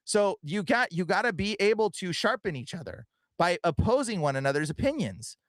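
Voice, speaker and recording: High-voiced and very animated, this young podcast host talks quickly and earnestly on his livestream, dropping "bro" and "like" constantly among other fillers. There's no echo in the audio.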